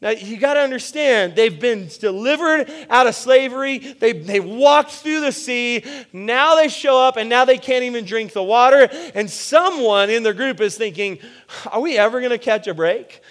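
A man's voice: very high-pitched, expressive, normal speed, fairly bright tone. A man preaching a sermon as pastor, telling stories in a casual, self-deprecating way with frequent restarts. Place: church.

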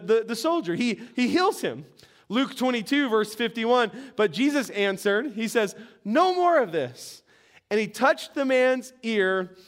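A preacher man with a high, smooth, resonant voice. He preaches with animated storytelling and slips into the voices of the people in his stories. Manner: animated storytelling, acts out characters. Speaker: pastor. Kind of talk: sermon.

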